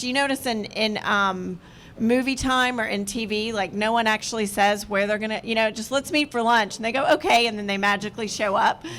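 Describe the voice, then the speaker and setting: A woman filmmaker on a panel giving writing advice in a lively way, acting out quoted lines as she talks. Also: medium pitch, slight background noise. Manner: lively, acts out quoted speech.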